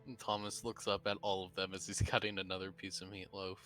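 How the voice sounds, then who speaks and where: A man's voice: low-pitched, level tone, brisk, hardly any pauses, a bit bright, soft background music. A man narrating his characters' actions in a live-streamed tabletop role-play, with some stammering.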